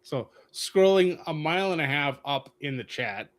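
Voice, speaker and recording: A man's voice: a little high, animated, normal speed. A man co-hosting a live wrestling stream, explaining titles and matches in casual chat. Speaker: podcast co-host.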